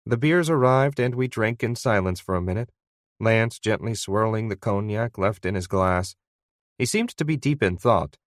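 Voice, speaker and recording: A man reading an audiobook in first person, with conversational, steady storytelling. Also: lowish voice, moderate pace, dry recording, studio quality. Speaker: audiobook narrator. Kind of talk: first-person scripted narration.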